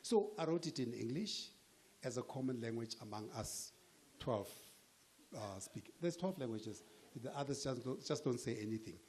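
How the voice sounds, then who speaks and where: A man's voice: medium pitch, animated, moderate pace, a little mellow. A man from South Africa talking casually to an audience, joking and dropping in local-language phrases. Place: event hall with audience.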